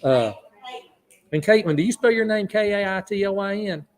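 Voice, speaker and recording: A man's voice: high-pitched, lively intonation, moderate pace. A man with a Southern Georgia accent, hosting a live radio charity auction with folksy, joking banter.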